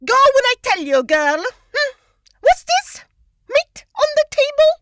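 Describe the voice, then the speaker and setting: A woman's voice: very high-pitched, sing-song, measured pace, a bit bright, dry recording, studio quality, full character voice. A woman reading the part of a pompous, indignant middle-aged housekeeper who scolds in a huffy, self-important way. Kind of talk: script read-through.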